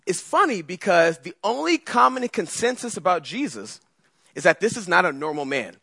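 A male preacher delivers a lively, conversational sermon with a pitch that rises and falls widely. His voice is bright and a little high. The recording is dry and close. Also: normal speed, gravelly, slightly rough, no room sound. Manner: animated, conversational, acts out scripture voices.

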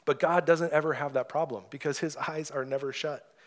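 A young adult man preaching an earnest sermon, rising loud when he reads scripture aloud. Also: a little high, steady tone, a little fast. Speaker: pastor.

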